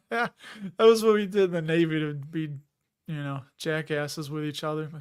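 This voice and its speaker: A man's voice: on the high side, fairly even intonation, a little slow, clear, resonant tone. A middle-aged man casually chatting on a livestream, reading viewer comments, laughing often and restarting words. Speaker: livestream host.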